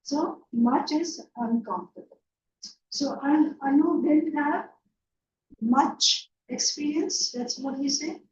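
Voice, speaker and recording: A high-voiced woman takes it slowly while lecturing on English grammar in an online class held from a room. Patient "yeah?" and "right?" checks come often, captured in roomy, distant, dull audio.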